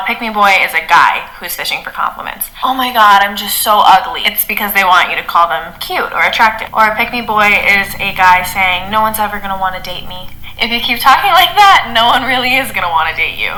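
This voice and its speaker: Bright-voiced young woman giving a countdown list. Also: medium pitch, low-quality recording. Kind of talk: list video voice-over.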